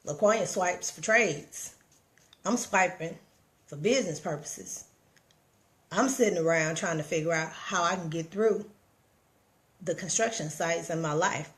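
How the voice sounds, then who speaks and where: A woman's voice: lowish voice, measured pace, long pauses, a bit bright. A middle-aged woman hosting a live stream, giving casual motivational talk straight to her viewers, emphatic and repetitive, talking into her phone. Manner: preachy, emphatic, repeats herself, talks straight to viewers.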